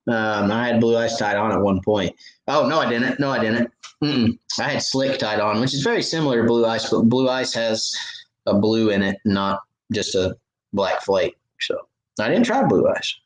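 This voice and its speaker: A man's voice: lowish voice, expressive, normal speed. Chatty man with a roomy echo. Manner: chatty storyteller, laughs at own stories, many restarts. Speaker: fishing show host answering viewer questions. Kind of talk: casual live Q&A chat.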